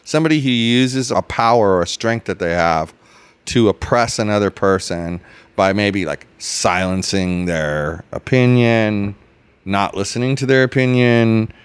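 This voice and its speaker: A man hosting a casual podcast chat, ranting in an animated, sarcastic way with many restarts. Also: lowish voice, measured pace, smooth, no room sound. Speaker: podcast host.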